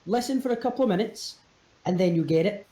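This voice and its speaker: A man's voice: high-pitched, animated, fast talker, mellow. A man on a podcast giving blunt, opinionated takes in casual chat. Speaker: podcast panelist. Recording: echoey room.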